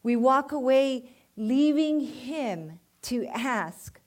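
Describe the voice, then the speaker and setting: A woman's voice: fairly high pitch, slow, a little mellow. A woman preaching a sermon in church, often calling "amen?" to the congregation and rising to fervent emphasis.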